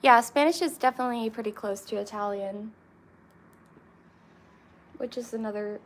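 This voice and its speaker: A young woman chatting casually with viewers, rambling with lots of fillers and pauses. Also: on the high side, slight background noise. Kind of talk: casual chat.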